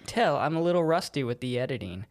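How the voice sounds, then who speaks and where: A woman's voice: rumbling low, sing-song, fast. A woman co-hosting a casual podcast, playful and giggly as she teases herself. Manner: giggly, playful, self-teasing. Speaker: podcast co-host. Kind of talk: casual chat.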